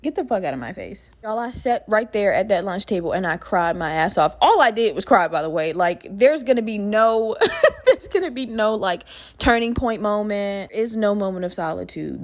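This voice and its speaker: A young woman hosting a podcast, telling a personal story in a blunt, profane, animated way with bursts of laughter. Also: mid-range voice. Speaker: podcast host. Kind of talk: casual storytelling monologue.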